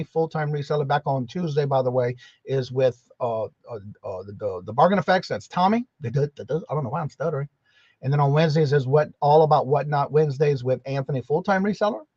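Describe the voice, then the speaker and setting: On a casual morning livestream, a man with a slightly high, darkish voice greets viewers by name in a chatty drawl. There's no echo, though the recording sounds a bit dull and lo-fi.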